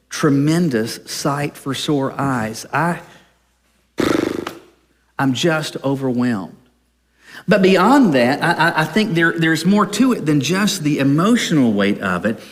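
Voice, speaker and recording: Earnest preacher in a reverberant hall. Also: male voice, on the high side. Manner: earnest, with pauses and restarts. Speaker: pastor. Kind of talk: sermon.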